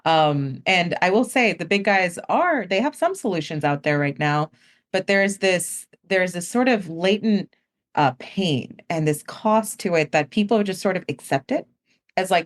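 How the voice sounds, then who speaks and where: A woman's voice: lowish voice, expressive, unhurried. A woman guest on a podcast interview, explaining casually and filling her talk with "like" and acted-out customer voices. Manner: casual, heavy use of "like", acts out customers' words. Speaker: guest, company founder. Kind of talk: conversational explanation.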